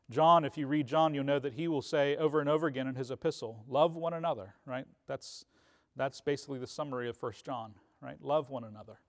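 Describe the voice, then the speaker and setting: A man's voice: a little high, a little fast. Man teaching in a reverberant hall. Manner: conversational, frequent ums and "right?". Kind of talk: church class teaching.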